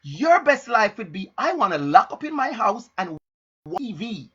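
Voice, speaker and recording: A man delivering an emphatic, frank motivational talk, driving home each point through repetition. His voice is bright and a little husky. The stream audio is dull and lo-fi. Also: high voice, big pitch swings, a little slow. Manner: emphatic, repeats phrases for stress; frank and direct. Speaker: motivational speaker.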